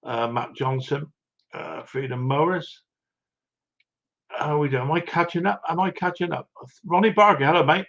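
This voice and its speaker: A man's voice: on the high side, normal speed, gravelly, pauses often, a bit bright, muffled recording. A man hosting a casual livestream, chatting in a rambling, chummy way and tripping over viewers' names. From Britain. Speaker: livestream host. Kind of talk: casual live-stream chat.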